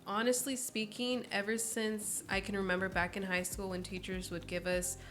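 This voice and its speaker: A woman's voice: medium pitch, flat delivery, normal speed, a bit bright, faint music behind. A woman in her early twenties, a podcast guest chatting casually and telling stories expressively, acting out quoted voices. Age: early 20s. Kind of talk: casual interview chat.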